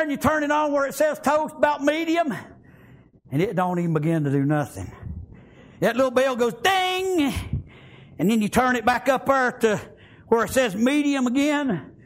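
A middle-aged man preaching a sermon, shouting in bursts, with folksy grammar and frequent amens. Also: extremely high pitch, animated, moderate pace.

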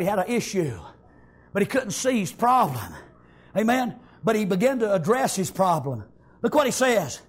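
High-pitched shouting preacher. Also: male voice, husky. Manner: shouting, sing-song preaching with frequent amens. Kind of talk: sermon.

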